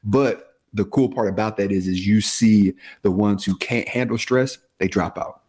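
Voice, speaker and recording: A man's voice: fairly low pitch, moderate pace, a little mellow. A man co-hosting a casual podcast, speaking emphatically and repeating his points to drive them home. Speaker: podcast co-host and police officer. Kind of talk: casual chat.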